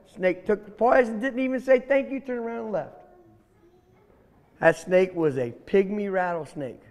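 A man's voice: high-pitched, animated, normal speed, darkish tone, big-room sound. A man telling a folk tale aloud who speaks animatedly and talks to his listeners directly. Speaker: storyteller.

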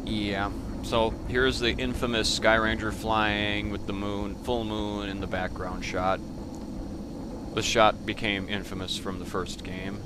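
A man's voice: lowish voice, level tone, a little slow, background noise. A man narrating a let's play, casually and sardonically, cursing and grumbling at the game's characters. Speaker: gaming commentator.

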